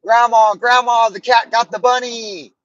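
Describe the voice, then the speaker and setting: A man's voice: extremely high pitch, steady tone, measured pace, a bit bright, no room sound, lo-fi sound, pitched above the performer's own voice. A man doing a panicked crying little boy.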